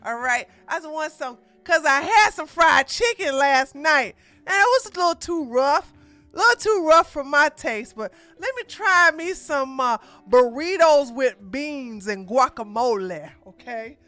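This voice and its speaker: A woman's voice: high-pitched, lively intonation, unhurried, sharp tone, no room sound, faint music behind, heavily acted. A woman putting on a flamboyant, sassy man just out of jail, campy and drawling. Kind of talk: mocking podcast impression.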